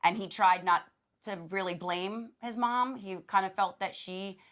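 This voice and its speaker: A woman's voice: medium pitch, measured pace, fairly bright tone. Chatty woman co-host. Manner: chatty, retelling scenes in quoted voices. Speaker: podcast co-host. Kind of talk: casual chat.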